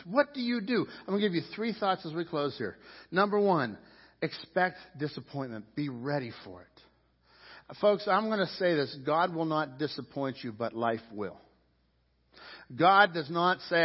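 Male pastor preaching, fairly high voice, long hall reverb, muffled lo-fi sound, dramatic swings in pitch and volume. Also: expressive, moderate pace. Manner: preaching with big swings of pitch and loudness, acting out crowd voices. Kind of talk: sermon.

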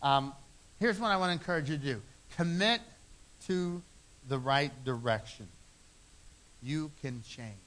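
Middle-aged pastor guy preaching, earnest, repeats stuff for emphasis, bright tone. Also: fairly high pitch, expressive, unhurried, pauses often. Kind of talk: sermon.

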